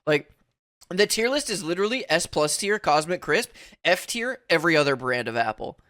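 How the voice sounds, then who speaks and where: Smooth-voiced man trading blunt opinions. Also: fairly high pitch, sing-song, sharp tone, no room sound, clean studio sound. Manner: emphatic, profane, quick opinions. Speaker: podcast co-host. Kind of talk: casual chat.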